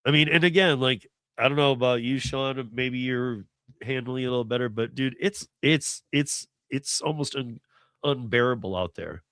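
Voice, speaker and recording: A man hosting a casual talk show, animated and laughing easily, swearing freely. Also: mid-range voice, normal speed, no echo. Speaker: podcast host. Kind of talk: casual chat.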